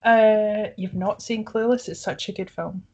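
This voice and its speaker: A woman co-hosting a podcast in casual chat, chatty and quick to laugh. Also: medium pitch, steady tone, darkish tone, lo-fi sound. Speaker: podcast co-host.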